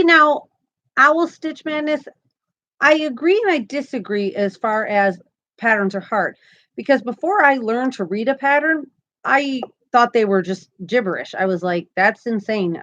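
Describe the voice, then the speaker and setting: Chatty upbeat woman, slightly high voice. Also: normal speed, a bit bright, muffled recording. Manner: chatty, upbeat, laughs often. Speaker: crochet channel host. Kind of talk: casual live-stream chat.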